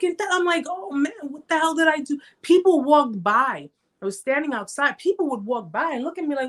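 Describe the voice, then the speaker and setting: A woman's voice: expressive, fairly quick, fairly bright tone. Emphatic woman hosting a live chat. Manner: conversational, emphatic, repeats herself; reenacts stories with raised pitch. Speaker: host.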